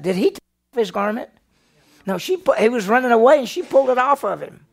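Gravelly-voiced pastor teaching a Bible class. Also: male voice, high-pitched, brisk. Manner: animated, fires questions at the class and answers them. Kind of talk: Bible study lesson.

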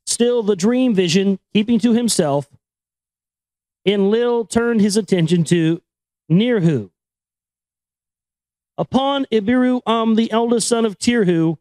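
A man's voice: sits high, darkish tone, no room sound, low-quality recording. A man reading a book aloud with casual commentary, often stumbling over names and correcting himself. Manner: stumbles over names and words, self-corrects, irreverent asides. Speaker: reader and commentator.

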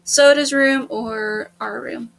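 A woman's voice: steady tone, slow pace, gravelly, fairly bright tone. Bubbly, jokey young woman gamer. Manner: bubbly, jokey, jumps into sudden high exclamations. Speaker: let's-play host. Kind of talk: casual gaming chat.

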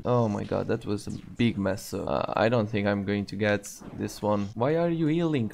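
Excitable young man commenting on gameplay. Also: on the low side, unhurried, gravelly, few pauses. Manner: excitable, swears often, talks to himself. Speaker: gaming video creator.

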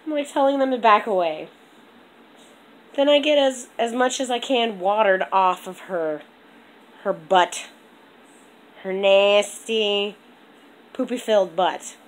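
Rambling young woman vlogging slowly. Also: mid-range voice, poor audio. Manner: rambling, animated storytelling with lots of "like". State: throat congestion, coughing. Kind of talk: casual vlog chat.

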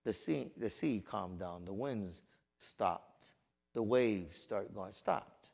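A man preaching a sermon as pastor, swinging between loud fervent passages and quiet, folksy storytelling with conversational asides. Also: lowish voice, lively intonation, slow pace, vocal fry.

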